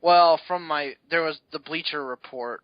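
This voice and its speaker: A man's voice: a little high, normal speed, no echo. A man co-hosting a wrestling podcast in casual chat, telling stories in a chatty, rambling way. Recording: dull lo-fi recording.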